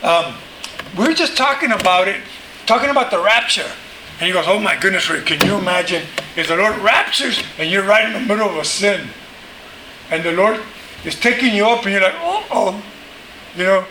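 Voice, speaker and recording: High bright-voiced preacher guy, keeps asking "right?", roomy echo, bit of hum behind. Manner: emphatic, call-and-response, frequent "right?". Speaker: pastor. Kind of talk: sermon.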